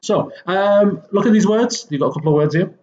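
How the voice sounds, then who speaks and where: A man's voice: sits high, fairly quick, a little mellow, dull audio. Casual man teaching an English lesson. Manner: casual, with frequent fillers and self-corrections. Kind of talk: recorded textbook lesson walkthrough.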